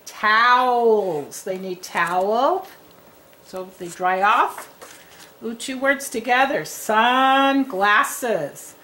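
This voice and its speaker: A woman teaching young children to read, speaking in a clear, sing-song teacher voice. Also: on the high side, animated, extremely slow, fairly bright tone, a little hiss or hum, rough recording. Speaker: reading teacher. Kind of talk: children's reading lesson.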